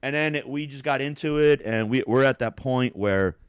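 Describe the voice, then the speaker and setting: A man with a mid-range, clean-toned voice talks at a moderate pace in studio-quality audio free of echo. Hosting a casual podcast, he's an animated storyteller who swears often and laughs throughout.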